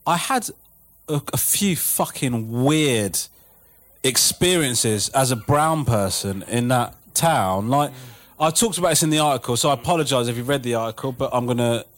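A man telling a story in casual chat, animated and profane, laughing as he goes. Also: mid-range voice, moderate pace. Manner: animated, swearing, laughing through stories.

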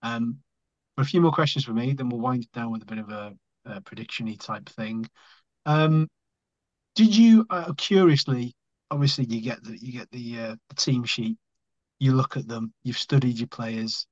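A man's voice: medium pitch, moderate pace, a little mellow. A man hosting a podcast, asking rambling, easygoing questions in casual chat. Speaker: podcast host. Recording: slightly dull lo-fi sound.

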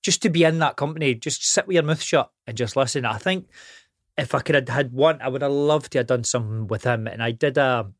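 A man's voice: mid-range voice, brisk, no room sound. Scottish man in rambling chat, dry sound. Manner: rambling, swears freely, frequent restarts. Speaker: actor guest. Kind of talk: casual studio chat. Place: podcast studio.

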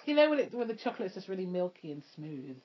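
A woman's voice: lowish voice, sing-song, fast talker, very noisy. A woman co-hosting a podcast in casual chat, laughing often and swearing casually. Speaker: podcast co-host. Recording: dull lo-fi podcast recording.

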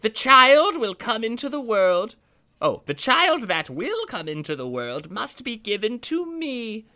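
A man voicing an angry old witch in a high, slow, drawn-out voice while reading a fairy tale. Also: sing-song, bright, forceful tone, full character voice. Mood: demanding.

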